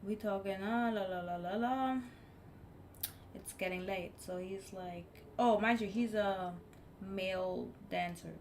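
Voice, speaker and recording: Woman streamer, mid-pitched voice, blunt and animated casual storyteller, faint noise behind. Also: measured pace. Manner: blunt, animated storyteller who swears freely. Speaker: live streamer. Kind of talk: casual story time chat.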